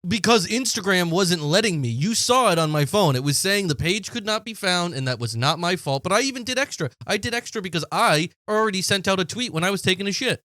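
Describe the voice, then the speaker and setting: Brief: young male podcast co-host, fairly high voice, dry sound, cocky and defensive. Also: expressive, brisk, few pauses, sharp tone, dry recording. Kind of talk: casual banter.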